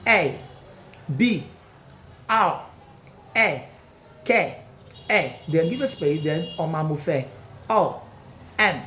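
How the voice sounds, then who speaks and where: A woman teaching a phonics lesson, slowly drilling letter sounds with repeated examples. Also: on the low side, fairly bright tone, echoey room, a little hiss or hum.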